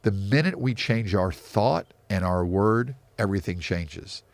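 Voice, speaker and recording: A man's voice: lowish voice, animated, measured pace, no room sound. A middle-aged man, a real estate investor, answering interview questions in an emphatic, motivational way that repeats key phrases.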